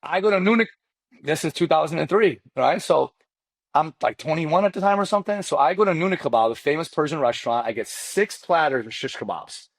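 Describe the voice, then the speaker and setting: A man in his forties, not a native English speaker, telling his story as a podcast guest in a lively, casual way full of slang. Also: fairly quick, no room sound. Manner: lively, acts out quoted dialogue with big pitch jumps; casual slang, addresses host directly. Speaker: podcast guest, mortgage loan officer. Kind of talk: animated storytelling in a podcast interview.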